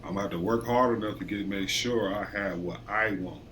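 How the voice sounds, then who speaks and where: A man's voice: fairly low pitch, fairly quick, a bit bright, slight background noise. A man in his late thirties telling work stories in casual podcast chat, swearing freely and acting out coworkers. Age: late 30s. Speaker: podcast co-host.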